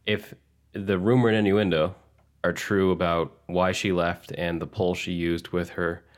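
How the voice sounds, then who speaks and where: A man with a deep, low voice, talking on a casual podcast. He rants bluntly and speaks his mind. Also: level tone, unhurried. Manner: blunt, opinionated, ranting. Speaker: podcast co-host. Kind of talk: casual chat.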